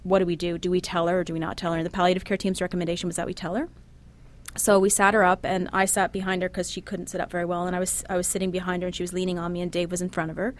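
A middle-aged woman sits for an interview and tells her story in a soft, halting voice. Her pitch sits on the low side, and she often breaks off and starts a sentence again. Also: flat delivery. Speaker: interview guest, bereaved mother. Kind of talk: personal testimony.

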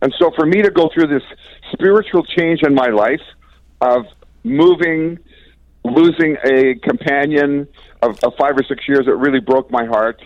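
A man's voice: on the high side, measured pace, no echo. Older man telling stories, dull dry sound. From Canada. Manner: chatty anecdotal storyteller, chuckles often. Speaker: guest musician. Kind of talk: casual storytelling interview.

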